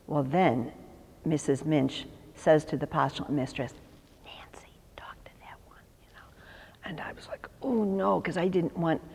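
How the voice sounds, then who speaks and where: A woman in her sixties from Chicago tells her stories with a low, deep voice. She slips into the voices of the people she quotes and laughs often. The recording carries a long, hall-like reverb. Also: a little mellow. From Chicago, USA. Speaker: religious sister interviewed for oral history. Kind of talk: storytelling in an interview.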